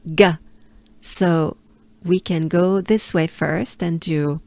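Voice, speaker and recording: Slow, patient French woman coaching pronunciation. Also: lowish voice, steady tone, vocal fry, a little mellow, no echo. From France. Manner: patient, repeats syllables slowly and leads the listener along. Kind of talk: slow, drilled pronunciation lesson.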